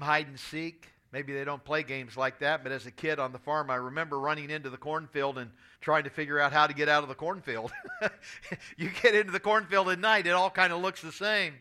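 Bright-voiced preacher man in his sixties. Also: on the high side. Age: 60s. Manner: earnest storytelling preacher, reads scripture aloud. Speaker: pastor. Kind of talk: sermon.

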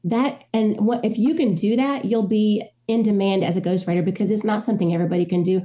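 A woman's voice: medium pitch, quick pace. A middle-aged woman from the Midwest, a ghostwriter telling stories in an interview and acting out the lines of the people in them. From American Midwest. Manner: animated storyteller, acts out quoted dialogue. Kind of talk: conversational interview.

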